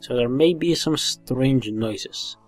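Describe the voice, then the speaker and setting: A man's voice: mid-range voice, slow pace, dry recording. Man chatting casually over gameplay. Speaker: game video commentator. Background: faint game music.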